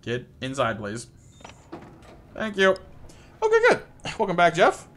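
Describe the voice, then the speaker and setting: A man's voice: on the high side, huge pitch swings, measured pace, a bit bright, slight background noise. A young man doing playful live gameplay commentary, chatting with viewers by name and coaxing game characters along. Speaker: streamer.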